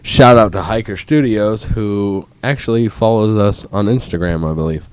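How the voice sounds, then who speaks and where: A young man co-hosting a podcast, a bit tipsy, telling rambling profane stories with sudden loud bursts. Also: fairly low pitch, normal speed, smooth. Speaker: podcast co-host. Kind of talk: casual chat.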